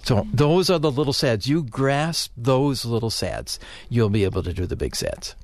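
A middle-aged man giving advice on a call-in radio show, speaking haltingly with many fillers and restarts. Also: mid-range voice, very animated, no echo. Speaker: guest therapist.

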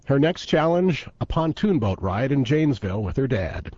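A man's voice: mid-range voice, big pitch swings, darkish tone, no room sound, highs cut off. Man reading a radio news report. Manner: measured, informative.

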